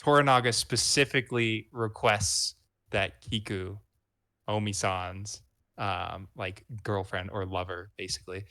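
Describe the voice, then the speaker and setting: A man's voice: fairly low pitch, fairly even intonation, a little slow, sharp tone, dry recording, studio quality. A man co-hosting a book club podcast, explaining plot points with hesitant restarts. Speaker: podcast co-host. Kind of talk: casual book club chat.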